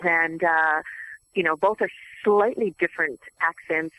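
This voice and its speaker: Woman guest, bright and lively, dry close sound, chatty anecdotes. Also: deep voice, no echo, low-quality recording. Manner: animated, chatty, quick to laugh. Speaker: voice actress guest. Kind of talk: casual interview storytelling.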